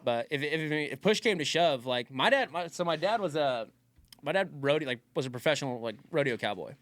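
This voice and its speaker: A man's voice: a little high, animated, fairly quick, fairly bright tone, no room sound. A man who does stand-up, co-hosting a podcast in casual chat, earnest and rambling with many fillers. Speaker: podcast co-host, stand-up comedian.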